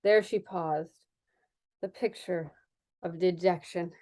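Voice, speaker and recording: A woman's voice: fairly high pitch, lively intonation, moderate pace, a little mellow. A woman reading a novel aloud, giggling and stopping now and then to comment on her own reading. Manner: laughs often, breaks off to comment. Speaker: reader.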